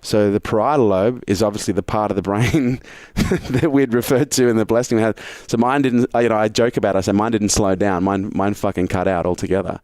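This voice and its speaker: A man from Australia, a guest on an interview podcast, telling a story fast and animated, swearing freely. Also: lowish voice, dry recording, studio quality.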